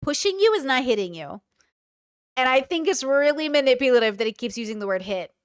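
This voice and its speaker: A young woman reacting live to a video for her stream chat, blunt and animated, swearing freely as she talks it through. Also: sits high, brisk, clean tone. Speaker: commentary streamer.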